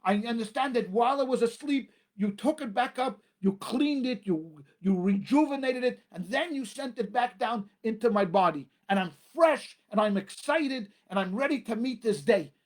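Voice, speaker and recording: A man, a rabbi, preaching a sermon with emphatic repetition and dramatic pauses. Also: extremely high pitch, animated.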